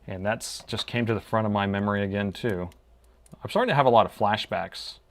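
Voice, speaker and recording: A man's voice: fairly low pitch, brisk. A man chatting casually with his live-stream viewers while he repairs a laptop, talking to himself as he works.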